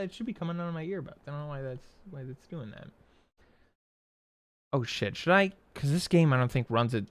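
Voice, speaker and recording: Setting up a game stream, a young man with a fairly high voice chats casually, with no echo. His talk rambles and is profane, packed with "like" fillers.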